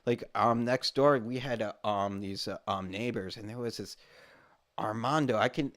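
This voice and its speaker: A man's voice: on the low side, normal speed. A man from Ohio, co-hosting a podcast in casual chat, telling stories and acting out quotes with laughs. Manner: animated storyteller, acts out quotes with laughs. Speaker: podcast co-host.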